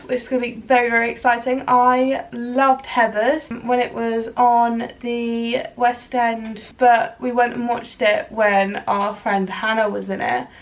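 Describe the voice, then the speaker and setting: A woman in her late twenties from England, chatting casually and rambling in a vlog. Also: medium pitch. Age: 20s. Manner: chatty, rambling, self-deprecating. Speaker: vlogger.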